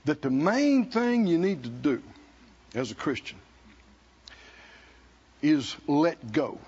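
A male preacher delivering a sermon in a high voice, speaking slowly and deliberately. His delivery is emphatic, with bursts of shouting and calls to the congregation. The recording sounds dull and lo-fi. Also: big pitch swings, breathy edge. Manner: emphatic, shouting at peaks, laughing, call-and-response.

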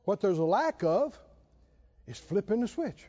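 A man's voice: high voice, very animated, measured pace, warm tone. A man preaching a sermon, retelling a scripture story with dramatic acted voices and an emphatic, repetitive cadence. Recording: dull sound with long hall reverb.

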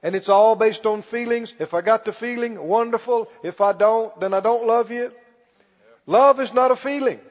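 A man preaching a sermon as pastor, stretching key words slowly and calling for the congregation to respond. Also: extremely high pitch. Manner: preaching with call-and-response, slow emphatic stretches. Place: church. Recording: muffled recording in a reverberant church hall.

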